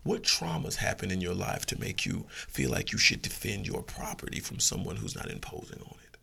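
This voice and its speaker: A man giving blunt, profane, animated opinions as a guest in a casual podcast chat. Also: deep voice, brisk, vocal fry, husky.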